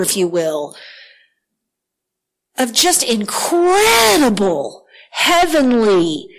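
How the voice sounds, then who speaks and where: A woman preaching a sermon with earnest, animated delivery, often repeating words as she reads scripture aloud. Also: on the high side, low-quality recording.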